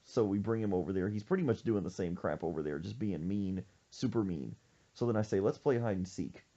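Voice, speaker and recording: Lively low-voiced man telling stories. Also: a little fast, dull audio. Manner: animated, jokey, acts out quoted voices. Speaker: podcast host. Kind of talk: casual storytelling chat.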